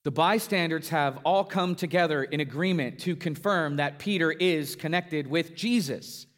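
A man's voice: normal speed, few pauses, fairly bright tone. Man preaching with swinging emphasis. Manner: dynamic preaching, pitch rising for emphasis and dropping low on key lines. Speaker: pastor. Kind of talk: sermon.

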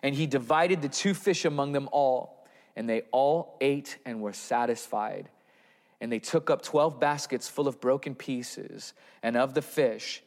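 A man preaching a sermon, reading scripture and acting out the apostles with a raised, exasperated voice. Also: mid-range voice. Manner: expressive, acts out the apostles in a raised voice. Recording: long hall reverb.

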